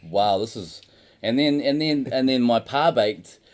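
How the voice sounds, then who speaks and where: A man's voice: medium pitch, measured pace. A man hosting a casual comedy podcast, rambling through stories and acting out other people with silly sound effects; he has a daughter. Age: adult with a daughter. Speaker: podcast host.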